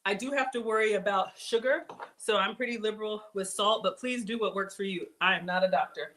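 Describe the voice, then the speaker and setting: A woman hosting a casual cooking demonstration, chatty and excitable, talking straight to her viewers as she builds a snack. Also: medium pitch, fairly quick. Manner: bubbly, excitable, chatty, addresses viewers as y'all. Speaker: cooking show host.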